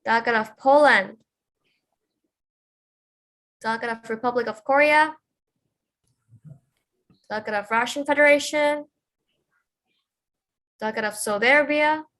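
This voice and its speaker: Unhurried woman chairing a roll call. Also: sits high, fairly bright tone. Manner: hesitant, with many fillers. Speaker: committee chair. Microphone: video call.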